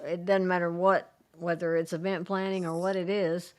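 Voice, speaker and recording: A woman's voice: on the low side, little pitch movement, moderate pace, a little mellow. A woman co-hosts a casual podcast. She offers reflective, encouraging remarks in an easy conversational tone. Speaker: podcast co-host.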